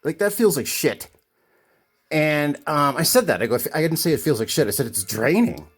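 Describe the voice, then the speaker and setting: A man's voice: a little high, lively intonation, moderate pace, slightly rough. A man telling a long, indignant story in a casual vlog, acting out both sides of an argument with lots of fillers and restarts. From United States. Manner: indignant, retells arguments with quoted voices, many fillers and restarts. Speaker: comic collector vlogger.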